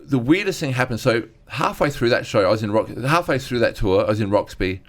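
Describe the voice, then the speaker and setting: A man's voice: medium pitch, expressive, fairly quick. A man, a stand-up comedian telling personal stories in an earnest, rambling way as an interview guest. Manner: earnest, rambling, acts out others' lines. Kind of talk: candid storytelling chat.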